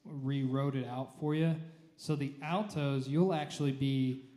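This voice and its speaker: Soft music plays in the background as a man directs choir rehearsal in an echoey church room, discussing notes and singing brief demonstrations. His mid-range voice is mellow and steady, with a slightly slow pace.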